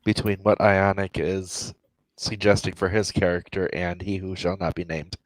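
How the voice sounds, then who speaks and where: Lower-voiced man, joking and casual. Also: little pitch movement, moderate pace, dry recording, poor audio. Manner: jokey storyteller, laughs while telling. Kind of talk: casual chat.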